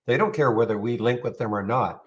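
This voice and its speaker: A man's voice: mid-range voice, a little fast, muffled recording. A man hosting a live trading room, chatting casually over charts and answering viewers, often repeating words as he talks. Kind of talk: live stream commentary on charts.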